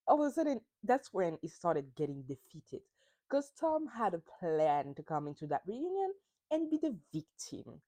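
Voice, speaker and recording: A woman's voice: medium pitch, mellow, no echo. A woman hosting a podcast, recapping reality TV in a casual, emphatic way and swearing freely. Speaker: podcast host.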